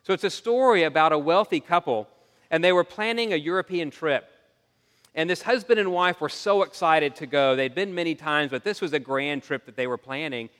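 Earnest preacher in a reverberant hall. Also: male voice, on the high side, moderate pace, clear, resonant tone. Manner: earnest, animated storytelling with frequent restarts. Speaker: pastor. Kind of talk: sermon. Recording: long reverb of a large hall.

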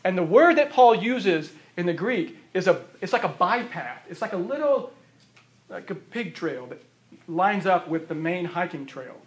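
A man preaching a sermon, emphatic and repeating phrases for stress, his voice going hoarse. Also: high voice, expressive, moderate pace. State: losing his voice. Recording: roomy echo of a hall.

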